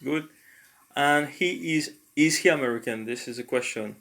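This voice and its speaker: A man talking through a language lesson in a casual, halting way, pausing often to think aloud with fillers. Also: on the high side, vocal fry, fairly bright tone. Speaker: language learner and tutor.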